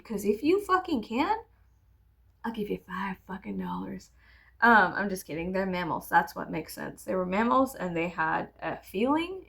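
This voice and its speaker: A woman's voice: mid-range voice, creaky. A woman in her thirties telling a rambling, profane, sarcastic story-time vlog while doing her makeup. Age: 30s. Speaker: vlogger.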